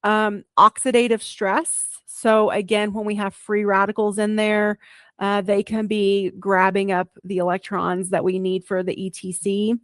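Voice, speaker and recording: A woman's voice: mid-range voice, flat delivery, a little slow, fairly bright tone, no echo, studio quality. A female podcast host, explaining biology plainly in a casual, chatty solo talk.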